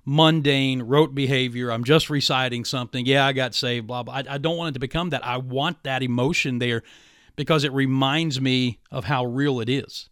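A man's voice: medium pitch, fairly even intonation, moderate pace, a bit bright, clean tone, no echo. Male radio host, earnest and conversational, dry close sound. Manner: earnest, many small restarts.

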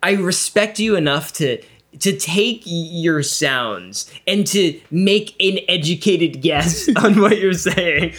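A man's voice: sits high, lively intonation, slow, fairly bright tone. A young man co-hosting a podcast in casual banter, teasing and laughing often. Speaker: podcast co-host.

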